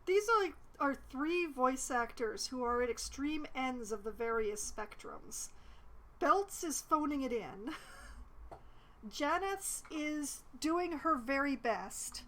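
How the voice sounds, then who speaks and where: High pitched woman playing a game on stream, wry and exasperated, reads options out loud. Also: expressive, slow pace. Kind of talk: casual gameplay commentary.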